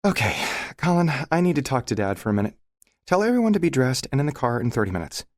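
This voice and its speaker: A woman's voice: a bass voice, big pitch swings, fast talker, darkish tone, dry recording, clean studio sound, pitched above the performer's own voice. A man voicing a playful, bossy adult wife in an audiobook, teasing and commanding. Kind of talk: audiobook character voice.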